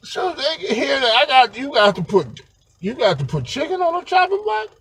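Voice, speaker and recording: A man's voice: very high-pitched, sing-song, normal speed, a bit bright. A man talking straight to camera in an unscripted monologue, rambling and slangy and often breaking into laughter. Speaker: vlogger.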